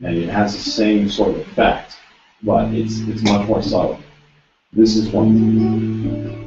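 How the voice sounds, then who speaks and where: A man's voice: fairly low pitch, steady tone, takes it slowly, pauses often. A man teaching guitar one-on-one, giving direct instructions and often repeating them. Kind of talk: one-on-one music lesson. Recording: roomy, distant, dull lo-fi sound with guitar.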